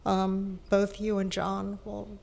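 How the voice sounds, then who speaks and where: A woman's voice: medium pitch, monotone, slow, creaky, a little mellow. A woman giving a public comment in a community hall, emotional and thankful.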